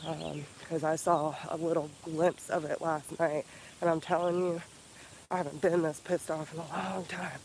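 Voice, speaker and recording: A man giving an earnest, profane motivational talk in a casual vlog, slowing down and repeating himself for emphasis. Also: fairly high pitch, flat delivery, a little hiss or hum, rough recording. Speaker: spiritual healer vlogger.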